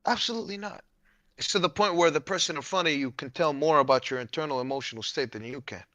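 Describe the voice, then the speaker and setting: A man's voice: a little high, quick pace, bright, forceful tone, no echo. A man in casual chat, asking pointed questions in a blunt, profane way.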